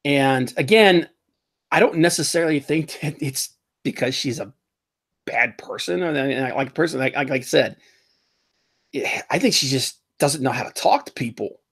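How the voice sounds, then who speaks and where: A man hosting a casual pop-culture podcast, rambling and animated, often laughing as he mocks what he talks about. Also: medium pitch, normal speed, breathy edge. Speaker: podcast host.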